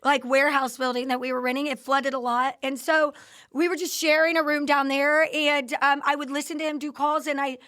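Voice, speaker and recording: A woman's voice: high voice, flat delivery, fairly quick, a bit bright. A woman podcast host telling her company's founding story in a casual interview, acting out the quoted dialogue with animation.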